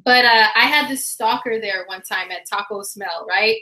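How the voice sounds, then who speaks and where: A woman telling a funny personal story in a casual, animated way, laughing often and using lots of fillers. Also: medium pitch, normal speed. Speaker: vlogger. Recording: roomy echo.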